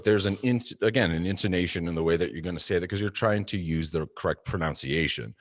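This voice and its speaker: A very low-voiced American man talks through ideas in a relaxed panel chat. He hedges and circles back, then gets animated when he presses a point. The sound is dry and close. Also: dry recording. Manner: thoughtful, hedging, animated when making a point. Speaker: co-host. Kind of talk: casual panel discussion.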